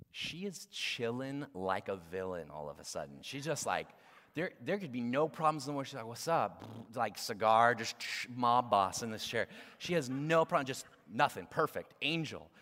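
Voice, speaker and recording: A man in his thirties, a guest pastor preaching a sermon in a casual, conversational way that swings between loud emphasis and hushed, near-whispered moments. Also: mid-range voice, big pitch swings, moderate pace. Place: church hall. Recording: long reverb of a large hall.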